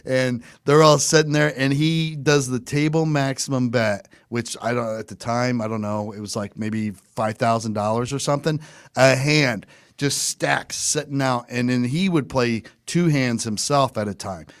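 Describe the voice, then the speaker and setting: A man's voice: medium pitch, normal speed, clear, resonant tone, no room sound, clean studio sound. A man co-hosting a podcast, telling rambling stories in casual, profane chat. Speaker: podcast co-host.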